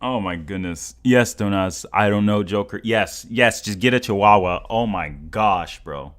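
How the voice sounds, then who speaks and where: A young man livestreaming in casual chat, excitable and exclamatory, often stammering and repeating himself. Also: fairly low pitch, unhurried. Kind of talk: live stream reaction chat.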